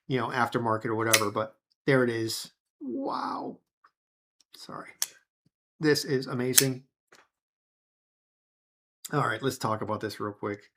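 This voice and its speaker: A man vlogging a knife unboxing in an excited, rambling, casual way, full of slang and filler. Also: medium pitch.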